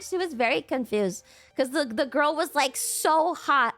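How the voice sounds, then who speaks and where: A woman's voice: high voice, animated, measured pace, fairly bright tone. A young woman streamer chatting casually with her viewers, playful and laughing often. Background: music.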